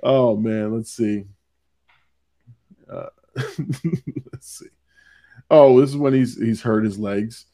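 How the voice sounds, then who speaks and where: The podcast host speaks slowly with long pauses, his voice warm and fairly low. He chats casually about a movie for a review, often laughing and reading quotes aloud.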